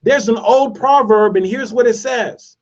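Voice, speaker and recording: Man, motivational speaker, high voice, emphatic repetition, distant dull recording. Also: a little slow. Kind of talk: motivational speech.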